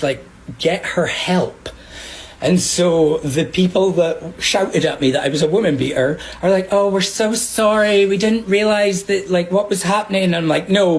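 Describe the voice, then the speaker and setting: A man telling a story about a chaotic shift at work in a casual, animated way. He laughs often and acts out the other people's lines. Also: fairly high pitch, a little hiss or hum. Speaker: storyteller recounting a work incident.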